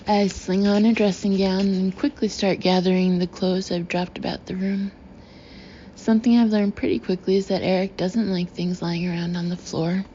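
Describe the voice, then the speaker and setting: A woman narrating a first-person novel in a wry, chatty inner voice. Her tone is mellow and on the dark side. The recording is slightly muffled, with a faint hiss behind it. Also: on the low side. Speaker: audiobook narrator.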